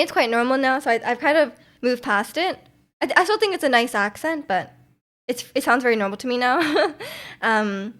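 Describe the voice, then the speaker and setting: A young woman streamer with a slightly high, fairly bright voice reads chat messages and talks casually with viewers. Her talk rambles, peppered with "like," restarted sentences, and lots of laughter.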